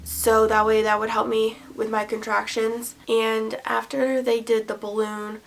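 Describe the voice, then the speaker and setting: Chatty young woman, higher voice. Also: flat delivery, measured pace, vocal fry, slight background noise. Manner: chatty, rambling with many fillers and asides. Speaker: vlogger. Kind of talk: storytime vlog.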